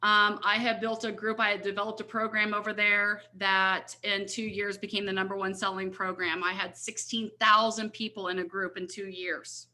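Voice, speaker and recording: On a coaching call over video, a middle-aged network marketing leader shares her story as an earnest motivational testimony, speaking emphatically and checking in with her listeners often. Her mid-range voice is pushed and bright, with a flat delivery at normal speed and hardly any pauses.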